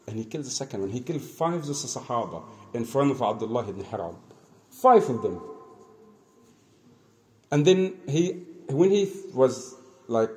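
A man preaching in English, telling a religious story in a conversational, halting way, acting out the dialogue. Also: medium pitch, warm tone, slight background noise. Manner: conversational, halting, many restarts, acts out dialogue. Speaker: Islamic preacher. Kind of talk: storytelling sermon.

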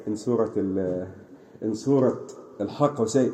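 In an informal religious lesson, a mellow-voiced man with a fairly high pitch tells a story a little fast. His retelling is animated, full of restarts and scattered Arabic phrases, and the room echoes with faint ambient noise.

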